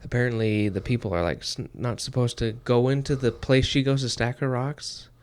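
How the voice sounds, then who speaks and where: A man's voice: medium pitch, fairly even intonation, normal speed, darkish tone. A man co-hosting a book podcast, talking in a rambling way with many fillers and restarts. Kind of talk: casual chat.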